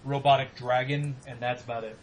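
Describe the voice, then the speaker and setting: A man co-hosting a casual gaming podcast, talking animatedly, swearing and mock-yelling at games. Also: mid-range voice, level tone, fairly quick, slight background noise. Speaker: podcast co-host.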